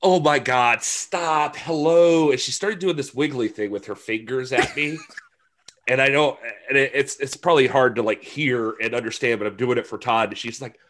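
A man's voice: medium pitch, a little fast, a bit bright. A man as a podcast guest, telling rambling, self-deprecating stories in casual chat.

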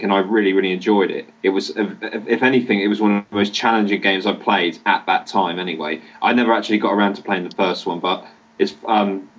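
A man co-hosting a casual gaming podcast, talking in a relaxed, measured way. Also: on the low side. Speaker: podcast co-host. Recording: muffled lo-fi audio.

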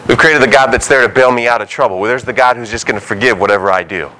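A man's voice: mid-range voice, quick pace, sharp tone, slight background noise, poor audio. A man preaching a sermon as a pastor, talking conversationally and acting out short quoted voices.

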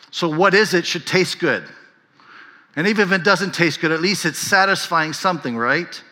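A man preaching a sermon as pastor, conversational and animated, often checking in with his listeners. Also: moderate pace, big-room sound. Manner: animated, acts out whiny voices and quotes with rising pitch; conversational, often tags lines with "right?".

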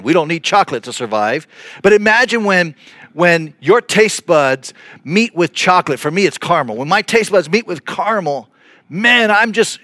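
A man in his fifties, a pastor delivering a podcast sermon in a conversational, animated way with playful asides. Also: sits high, no echo, studio quality.

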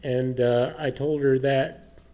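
A man, a pastor, preaching a conversational sermon with many fillers and restarts, his throat a little rough and choked up. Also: medium pitch, fairly even intonation, takes it slowly, dark tone. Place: church sanctuary.

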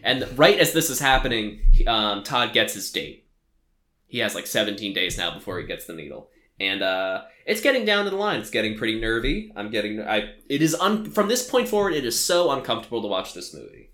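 A man's voice: lowish voice, big pitch swings, brisk, pushed and bright. A young adult man casually recapping a movie on a podcast, rambling and packing his talk with "like" and fillers. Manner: rambling, filler-heavy storytelling, frequent "like". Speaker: podcast co-host. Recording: echoey room.

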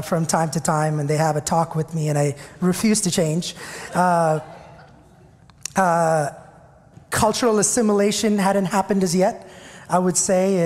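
A man's voice: fairly high pitch, darkish tone, in a large hall. A man in his thirties preaching a sermon as pastor, telling a personal story in a conversational, self-deprecating way.

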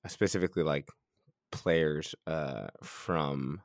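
A man's voice: extremely low pitch, slow, dry recording, studio quality. A man co-hosting a health podcast, chatting casually and laughing often. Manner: laughs often, loose and joking. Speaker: podcast co-host, strength coach.

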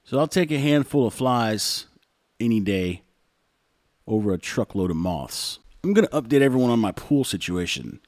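A man's voice: medium pitch, sing-song, moderate pace, darkish tone, dry recording, studio quality. A man hosting a show, telling stories in a rambling, conversational way and often saying "like.". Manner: rambling, conversational, frequent "like" fillers. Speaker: show host. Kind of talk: casual monologue storytelling.

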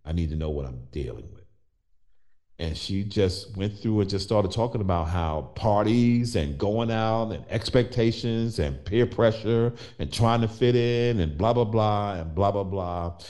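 Middle-aged man, host, animated storyteller who acts out quotes; low, mellow voice. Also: unhurried. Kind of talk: personal storytelling in conversation.

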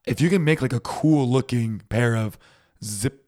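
A man's voice: medium pitch, moderate pace, darkish tone. Casual rambling male podcast co-host. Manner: rambling, laughs often. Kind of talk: casual chat.

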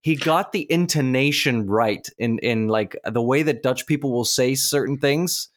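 A man runs a relaxed movie rating game among friends. He reads out the scores in a steady, measured way. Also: medium pitch. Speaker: game host. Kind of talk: casual movie chat.

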